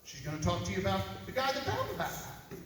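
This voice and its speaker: Folksy investigator, echoing hall. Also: male voice, high voice, wildly swooping pitch, fast, a bit bright. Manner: folksy storytelling, acts out phone calls. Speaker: private investigator. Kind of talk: press conference talk. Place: large echoey hall. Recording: echoey hall from far off with noise.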